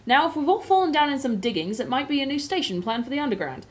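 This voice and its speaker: A woman voicing a hearty, steady, working-class male cabbie with a South London accent and a firm voice, reading from a storybook. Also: high voice, fast, pitched above the performer's own voice. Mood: reassuring. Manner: reassuring, matter-of-fact.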